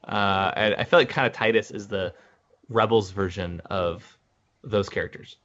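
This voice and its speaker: A man's voice: fairly low pitch, fairly even intonation, normal speed, a bit bright. A man hosting a casual discussion, rambling and restarting his sentences often. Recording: dull lo-fi audio.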